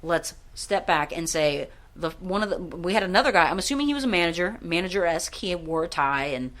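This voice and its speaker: A woman co-hosting a podcast, telling a rambling story in casual chat, swearing freely and breaking into excited bursts. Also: lowish voice, fairly quick. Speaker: podcast co-host.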